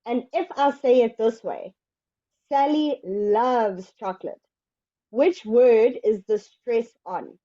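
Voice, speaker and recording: A woman teaching English one-on-one, explaining slowly and patiently. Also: fairly high pitch, lively intonation, dry recording, dull audio. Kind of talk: one-on-one online English lesson.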